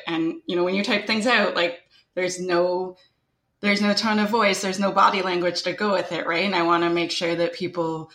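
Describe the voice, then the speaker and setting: A young woman guest with a strong Canadian accent talks casually and upbeat in an interview, sprinkling her speech with "like" and "right?". Her voice is lowish and a bit bright, and the recording is reverberant.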